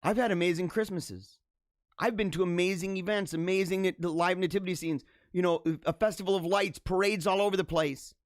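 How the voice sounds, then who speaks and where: Animated rambling male livestream host. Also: high voice, a little fast, no echo, studio quality. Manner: rambling, with frequent restarts and animated bursts. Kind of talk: casual storytelling monologue.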